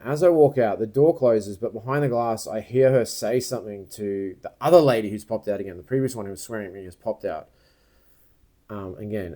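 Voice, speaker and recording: A man's voice: medium pitch, mellow. A man vlogging a rambling, aggrieved story to camera, acting out what he and others said. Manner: rambling, aggrieved retelling with quoted asides.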